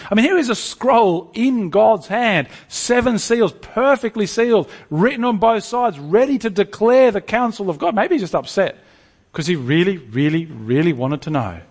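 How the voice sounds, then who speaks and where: A man preaching a sermon to a congregation, lively and animated, often stumbling over restarts. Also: high voice, moderate pace, slightly rough, long reverb tail.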